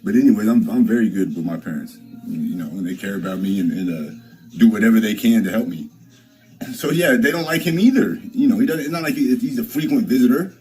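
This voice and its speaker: Speaking straight to his viewers, this man rambles through a profane story on a livestream, answering chat with frequent restarts and repeated phrases. His fairly low voice is mellow, expressive and a little fast, over soft background music on poor audio.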